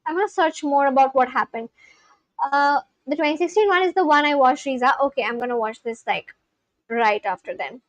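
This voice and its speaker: High-voiced woman chatting on a live stream. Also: a little fast, no echo, dull audio. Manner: chatty and reactive, with frequent restarts. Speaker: live streamer learning a language. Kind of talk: casual live-stream chat, reading viewer messages aloud.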